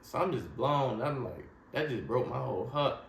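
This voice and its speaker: A man of middle pitch tells his life story in an earnest, heartfelt way, speaking in short broken phrases. His voice rings in a roomy, echoey space, with a faint hum of ambient noise behind him. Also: expressive, moderate pace, vocal fry. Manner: earnest, repeats "you know what I mean". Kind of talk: personal testimony, casual storytelling.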